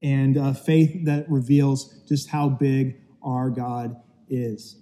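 Male pastor, loose joking delivery, dark mellow tone, long hall reverb. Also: mid-range voice, level tone, slow pace. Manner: chatty, telling dad jokes with self-deprecating asides. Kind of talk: casual sermon to an online audience. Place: empty church auditorium.

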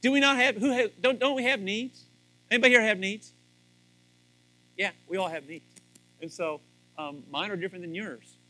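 A man's voice: sits high, normal speed, long pauses, pushed and bright, soft background music, rough recording. A man speaking to a live audience about marriage in a joking, folksy way, rambling with restarts. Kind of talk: humorous sermon to a live audience.

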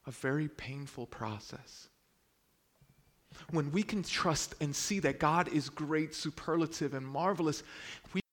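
Animated male preacher from Brooklyn. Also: fairly high pitch. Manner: animated storytelling, swings between loud exclamations and hushed lines. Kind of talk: sermon.

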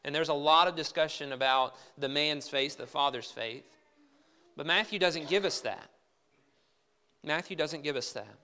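A man's voice: on the high side, moderate pace, sharp tone. A man preaching a sermon as pastor, talking in a conversational way with rhetorical questions and reading scripture with emphasis.

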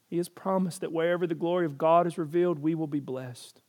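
A man preaching a sermon, telling the story dramatically and swinging from hushed lines to booming ones. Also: steady tone, fast, few pauses.

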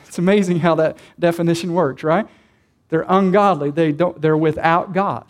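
A man's voice: a little high, steady tone, normal speed. A male pastor preaching a sermon in a church, addressing the congregation with direct questions and stretching and repeating key words for emphasis.

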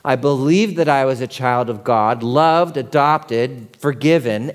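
A man in his forties, a pastor preaching a conversational sermon that swings from quiet and tender to loud and excited. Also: medium pitch, a little slow, hardly any pauses. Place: church sanctuary. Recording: long hall reverb.

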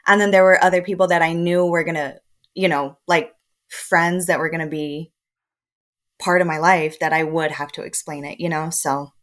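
Woman, 20s, from El Paso; low-ish voice, casual, animated, laughs a lot while recounting. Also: normal speed. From El Paso, Texas. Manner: lively, often laughing, acts out quoted dialogue. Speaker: podcast guest. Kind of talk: casual conversational storytelling.

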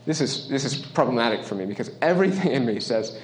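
A man's voice: medium pitch, lively intonation, fast, slight background noise. Conversational male pastor preaching in an echoey room. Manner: conversational, emphatic, asks listeners questions. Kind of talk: sermon. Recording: roomy echo.

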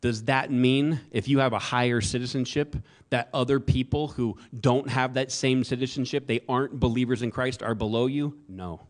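A man's voice: mid-range voice, fairly even intonation, normal speed. A man preaching a sermon in a conversational way, with joking asides to the congregation. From American South. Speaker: pastor.

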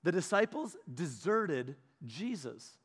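A male preacher telling a Bible story in an animated, playful way, with asides. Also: on the high side, slow, breathy edge. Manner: animated, playful, laughs at his own asides.

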